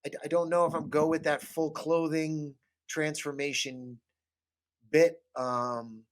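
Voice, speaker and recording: A man rambles casually about his tabletop game, cussing freely and restarting his sentences. His voice sits a little high for a man. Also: level tone, measured pace. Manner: rambling, swearing, acts out table quotes. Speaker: podcast guest or host talking tabletop games. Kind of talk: casual chat.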